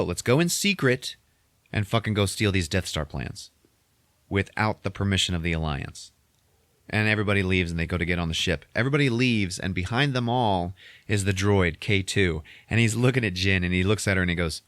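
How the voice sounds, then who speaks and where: A man casually recapping a movie on a podcast, swearing constantly and acting out the characters in quick voices. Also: deep voice, a bit bright, dry recording.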